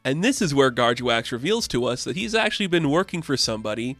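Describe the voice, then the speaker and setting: Guy rambling about comics, super excited, says like a lot, dry close sound, faint music. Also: medium pitch, fast talker, few pauses, no echo. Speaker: comic book reviewer. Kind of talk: casual comic book recap.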